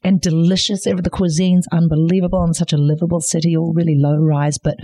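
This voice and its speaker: A woman's voice: on the low side, little pitch movement, fast, warm tone. A middle-aged woman guest chatting casually and telling stories with earthy slang on a podcast. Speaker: guest actress.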